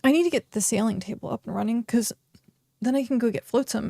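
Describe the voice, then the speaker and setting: A woman's voice: on the high side, quick pace, gravelly, dark tone, no room sound, studio quality. A woman streaming a game, chatting casually, talking to herself and reading chat aloud. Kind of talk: casual live-stream chat while gaming.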